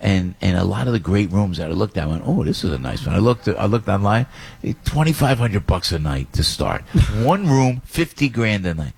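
Man, radio talk host, husky voice, lively swinging pitch. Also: moderate pace. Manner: animated storyteller, laughs often. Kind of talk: morning radio banter.

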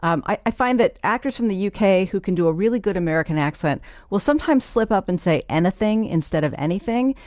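A woman's voice: mid-range voice, expressive, fast talker, hardly any pauses, a little mellow, no echo, clean studio sound. A woman hosting a radio talk show, asking curious, conversational questions. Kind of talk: interview hosting.

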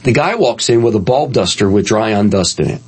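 A middle-aged man hosting a radio show about pest control, telling lively anecdotes in casual chat from a studio and laughing at his own stories. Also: on the low side, normal speed, husky.

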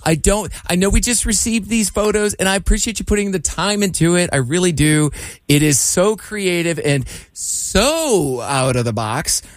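A man hosting a radio show, fumbling for polite words and laughing nervously. His pitch jumps around freely, and the sound is dry and close. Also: lively intonation, moderate pace, no echo. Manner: awkward, laughing, hesitant. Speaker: radio host. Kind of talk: radio call-in chat.

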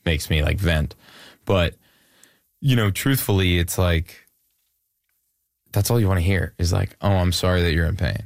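Laid-back deep-voiced young man. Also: moderate pace, vocal fry, pauses often, no echo, clean studio sound. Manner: relaxed, rambling with many fillers. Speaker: musician guest. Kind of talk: casual interview chat.

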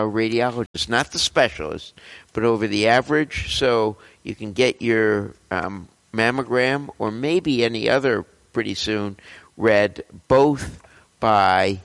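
A man's voice: on the low side, gravelly, fairly bright tone, big-room sound. Older man rambling through health news. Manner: rambling, opinionated, halting with fillers. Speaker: physician host. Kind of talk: casual health news commentary.

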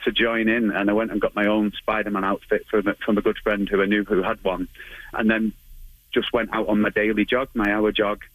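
A man's voice: fairly low pitch, level tone, brisk, a bit bright, dry recording, rough recording. A man in his thirties with a Manchester accent, chatting in an interview with many ums and restarts and frequent laughs. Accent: Manchester English. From England. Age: 30s. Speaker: interview guest, martial arts instructor. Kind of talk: casual phone interview.

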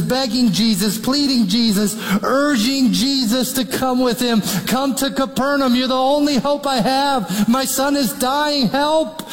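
High-voiced preacher in a reverberant hall. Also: male voice. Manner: dramatic, acts out the father's pleading in quoted voice. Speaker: pastor. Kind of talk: sermon.

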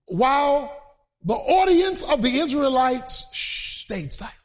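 A man preaching a sermon in a very high, lively voice that swoops up and down as he chants and shouts his points. He takes his time and drawls the words out slowly, then drops into casual joking asides to the congregation. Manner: emphatic, shouting and chanting in a sing-song cadence.

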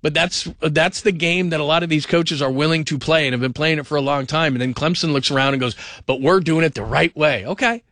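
A man hosting call-in sports radio, rambling and animated, sometimes mimicking people in funny voices. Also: a little high, fast, few pauses, no room sound, clean studio sound.

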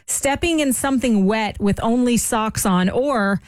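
A woman co-hosts a radio show, chatting in an upbeat way and reading listener texts aloud. Her voice sits a little high. The studio mic sounds dry and close. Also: unhurried, dry recording. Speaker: radio host. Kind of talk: morning radio chat.

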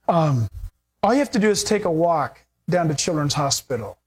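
Brief: male pastor, sermon delivery, lively and animated, acts out dialogue. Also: sits high. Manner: animated, acts out quoted voices with laughter.

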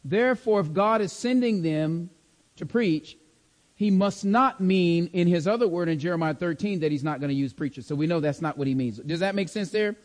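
A man's voice: high voice, normal speed. A man teaching a Bible study class, checking in often with his listeners and repeating key words for emphasis. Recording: long hall reverb.

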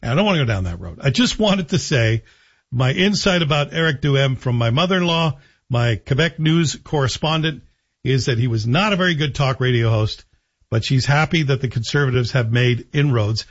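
A man's voice: mid-range voice, expressive, moderate pace, slightly rough. Sarcastic male talk radio host. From Canada. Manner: sarcastic, joking asides. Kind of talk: opinionated radio commentary. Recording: dull lo-fi broadcast audio.

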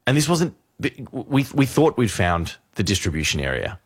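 A man co-hosting a radio show, telling a funny story with lively repetition. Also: fairly low pitch, normal speed, husky, dry recording, clean studio sound. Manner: animated storyteller, repeats punchlines. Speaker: radio host. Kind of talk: casual radio banter, storytelling. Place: radio studio. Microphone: studio microphone.

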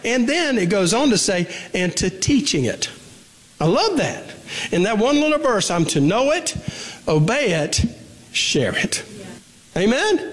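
A man preaching a sermon in a conversational way, asking his congregation questions and repeating phrases for emphasis. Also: high-pitched. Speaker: pastor. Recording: long reverb of a hall.

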